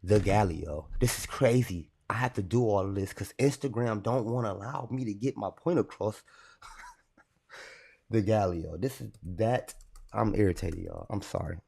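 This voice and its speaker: A man's voice: lowish voice, moderate pace, vocal fry, a little mellow, slightly rough. A young man on a casual livestream, rambling and irritated as he talks to his chat. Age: young adult.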